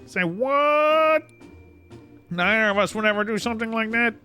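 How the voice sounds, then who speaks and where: Soft, hesitant and high, this timid little duck girl speaks gently and meekly, as a man puts her on. Her lively, bright tone rises and falls, with faint game music underneath. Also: moderate pace, clear, resonant tone. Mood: worried.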